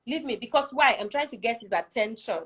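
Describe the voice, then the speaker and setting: A woman's voice: on the high side, lively intonation, fairly quick, a bit bright. A woman telling a personal story as a guest in a casual conversation, earnest and reflective, often checking that the listener follows. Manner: keeps checking in with "do you see?".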